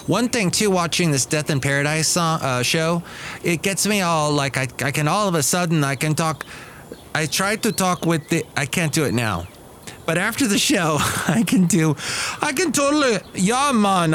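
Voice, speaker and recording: A jokey, rambling podcast host chats casually on his own, poking fun at himself. His voice sits on the high side with a fairly bright tone, and there's slight background noise.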